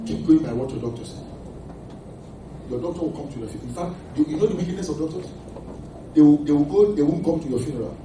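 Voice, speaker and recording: A man's voice: fairly high pitch, fast, long pauses, dark tone, a little hiss or hum. A man preaching a sermon as pastor, emphatic and quizzing the congregation with questions. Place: church hall. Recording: echoey hall from far off.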